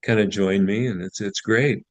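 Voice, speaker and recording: A man's voice: lowish voice, fairly even intonation, moderate pace, no room sound, low-quality recording. A man in his sixties, a guest author, telling folksy stories with self-deprecating humor and frequent restarts. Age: 60s. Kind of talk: casual interview chat.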